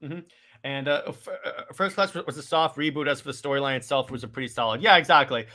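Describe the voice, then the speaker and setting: A man's voice: medium pitch, fast talker, bright, forceful tone. A young man co-hosting a casual movie review podcast, talking with enthusiasm and often restarting his sentences. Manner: enthusiastic, rambling with many restarts. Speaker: podcast co-host.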